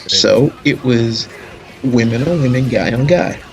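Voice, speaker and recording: A man telling a long story in casual chat during a live game stream, animated and full of slang. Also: medium pitch, a little slow, faint music behind. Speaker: stream commentator.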